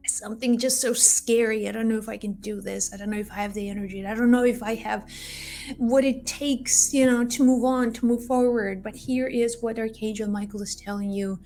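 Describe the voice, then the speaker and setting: Woman giving a card reading: earnest and reassuring, speaks somewhat high, with soft music under her voice. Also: steady tone, a little fast. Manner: earnest and reassuring, with many repeated phrases. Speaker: tarot card reader. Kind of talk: spiritual pick-a-card reading with a personal story.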